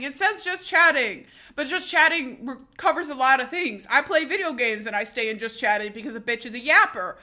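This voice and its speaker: High bright-voiced young woman streamer. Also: normal speed. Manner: rambling, excitable storytelling. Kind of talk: casual live-stream chat.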